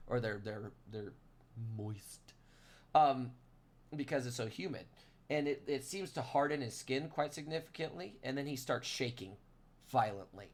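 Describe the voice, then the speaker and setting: Rambling man running a tabletop game. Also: mid-range voice. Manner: rambling, self-correcting narration. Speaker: game master.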